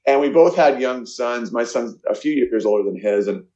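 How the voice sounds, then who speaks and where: A middle-aged man from Canada telling a personal story in an interview, earnest and halting, with many fillers and restarts. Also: medium pitch, mellow. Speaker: guest, charity founder. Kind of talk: emotional storytelling in a podcast interview. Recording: echoey, muffled lo-fi sound.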